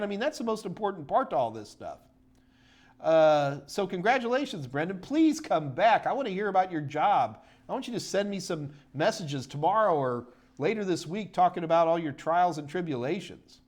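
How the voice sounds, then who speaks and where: Middle-aged male host, slightly high-pitched, loose and rambling live Q&A patter with excited spikes. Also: moderate pace. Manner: rambling and chatty, full of fillers and restarts, bursts of excited enthusiasm. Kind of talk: casual live-stream Q&A chat.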